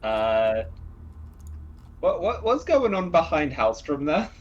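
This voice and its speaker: A man playing a tabletop game, chatting in a relaxed, hesitant way. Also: fairly high pitch, slow, highs cut off. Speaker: player. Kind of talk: casual tabletop game chat.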